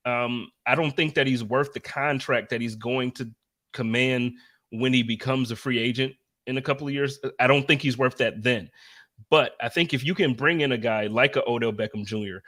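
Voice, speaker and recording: A man with a bright, forceful voice hosts a casual sports talk show. He talks with lively emphasis, building his points with repeated phrases and quick asides. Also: medium pitch. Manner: energetic, animated, emphatic. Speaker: podcast host.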